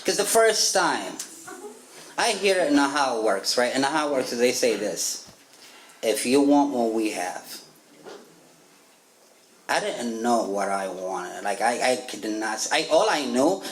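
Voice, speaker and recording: A man's voice: medium pitch, big pitch swings, moderate pace, a little hiss or hum. A man from Africa with an African accent, giving a personal testimony at a recovery meeting, telling his story with frequent laughs and acted-out quotes. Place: meeting room. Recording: echoey room with faint ambience.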